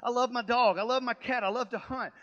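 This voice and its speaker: A man's voice: very high-pitched, fairly even intonation, fairly quick. Fervent preacher man, lo-fi recording. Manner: storytelling preacher, swings from hushed to loud and fervent. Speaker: pastor. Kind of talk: sermon.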